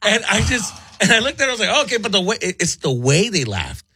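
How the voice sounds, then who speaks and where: A man telling a story in casual radio chat, animated and laughing often as he talks. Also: high-pitched, fast talker, slightly rough. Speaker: show guest.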